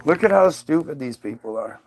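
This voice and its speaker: A man's voice: on the high side, lively intonation, brisk, a little mellow, slight background noise. A man ranting sarcastically on a livestream, answering viewer comments in a combative, mocking way. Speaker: streamer reacting to viewer comments.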